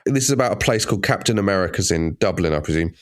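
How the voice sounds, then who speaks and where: A man's voice: low-pitched, expressive, very fast. A man co-hosting a podcast, chatting in a wry, joking way and swearing freely. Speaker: podcast co-host. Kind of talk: casual comedic chat.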